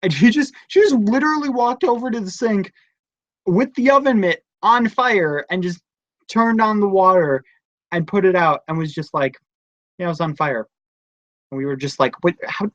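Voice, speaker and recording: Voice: mid-range voice, normal speed, no room sound. Young adult, live-stream host, casual rambling chat, lo-fi device mic, dry sound. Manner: rambling, chatty storytelling. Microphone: device camera mic close up.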